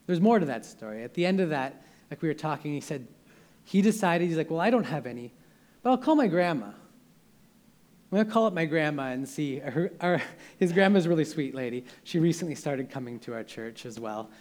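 A man's voice: a little high, expressive, fairly quick, darkish tone. A young man preaching a sermon in an earnest, conversational way, often restarting his sentences.

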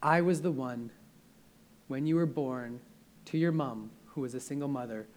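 A man's voice: mid-range voice, normal speed. A young man preaching a sermon in an earnest, conversational way, often restarting his sentences.

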